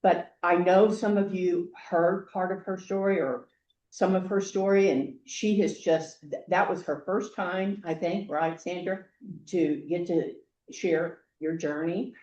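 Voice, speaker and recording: An older woman, a grandmother, hosting a group meeting with chatty, halting welcome remarks. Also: on the low side, fairly even intonation, a little mellow, reverberant, highs cut off. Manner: chatty, halting, with many fillers. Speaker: meeting host. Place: meeting room.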